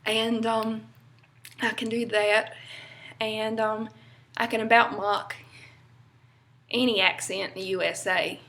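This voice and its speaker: A woman's voice: on the high side, little pitch movement, slow pace, pauses often, a bit bright, a little hiss or hum. A young woman from North Carolina with a Southern accent, chatting casually to camera in a rambling way with lots of fillers. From North Carolina, USA. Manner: chatty, rambling, many fillers and little laughs. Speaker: vlogger.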